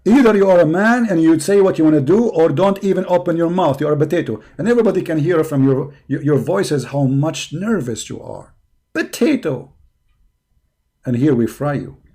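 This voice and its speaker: A hoarse man hosting a live stream, delivering a combative, mocking rant that taunts his opponents. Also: fairly high pitch, fairly quick, few pauses, mellow. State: hoarse from hours of talking.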